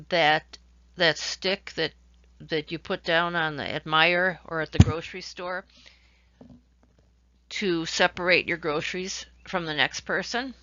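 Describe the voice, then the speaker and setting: A woman's voice: fairly low pitch, sharp tone, no echo. Woman lecturing in a dry, dull recording. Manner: explanatory, demonstrating examples with varied emphasis. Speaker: instructor.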